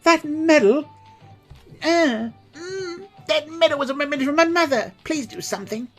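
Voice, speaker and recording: A man voicing an anxious small boy in a high plaintive voice. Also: animated, moderate pace, soft background music. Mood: pleading.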